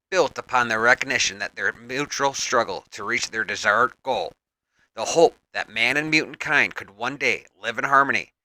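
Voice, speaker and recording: A man's voice: mid-range voice, sharp tone, no room sound, poor audio. A man narrating a comic book story aloud in a dramatic storytelling manner.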